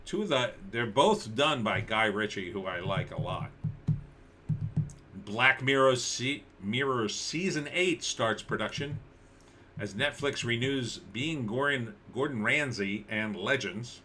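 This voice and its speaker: A man's voice: medium pitch, expressive, measured pace, sharp tone, slight background noise. A man hosting a casual livestream, commenting on news with sarcasm and rambling restarts. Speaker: livestream host.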